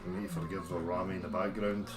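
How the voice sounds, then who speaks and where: A man's voice: sits low, level tone, fast talker, roomy sound. A Scottish man hosting a casual livestream, chatting informally and reading out viewers' names as he greets them. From Scotland. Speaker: livestream host.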